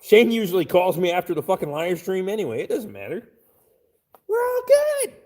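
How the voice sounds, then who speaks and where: A man's voice: sits high, sing-song, quick pace, darkish tone. A man chatting casually on a live stream, reading out chat and swearing constantly in a crude, blunt way.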